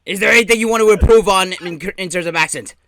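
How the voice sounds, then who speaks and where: A bright, edgy voice keeps calling for the next question and pulls the chat back on track whenever it drifts. The host sounds impatient but casual. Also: mid-range voice, fast. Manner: impatient, keeps things moving. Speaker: podcast host asking questions.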